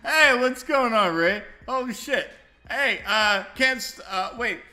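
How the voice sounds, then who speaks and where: A man's voice: very high-pitched, expressive, pushed and bright, faint music behind. A man hosting a casual livestream chat, rambling, swearing a lot and laughing often. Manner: profane, rambling, quick to laugh. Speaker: livestream host.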